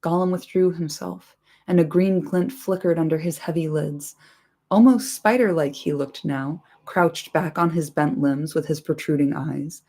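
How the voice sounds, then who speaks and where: A woman's voice: sits low, steady tone, measured pace, mellow. A woman reading a story aloud expressively, dropping in irreverent casual asides. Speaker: reader.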